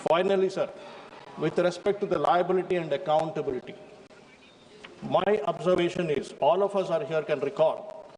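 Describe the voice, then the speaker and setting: A man's voice: on the high side, darkish tone, a little hiss or hum. A man with an Indian English accent giving an emphatic speech in a parliament chamber, repeatedly addressing the chair as sir. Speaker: member of parliament. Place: large parliament chamber, indoors. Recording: reverberant chamber broadcast feed.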